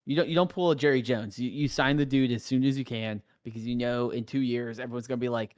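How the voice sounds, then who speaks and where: Relaxed man, dry close sound. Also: medium pitch, fast, few pauses, no room sound. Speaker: podcast co-host. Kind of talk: casual livestream chat.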